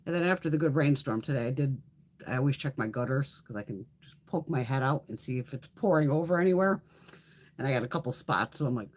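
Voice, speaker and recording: Her voice sits low and husky, and she speaks fast. She's running a beauty livestream, chatting casually and telling lively stories packed with swearing.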